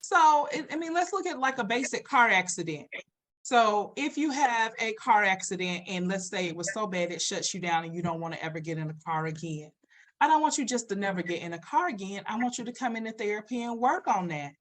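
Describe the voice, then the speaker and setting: A woman's voice: mid-range voice, a little fast. A woman, a therapist talking directly and emphatically on a live show, answering viewers. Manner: emphatic, direct, swings loud and animated; reads and answers viewer comments. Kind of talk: live-stream chat with viewers.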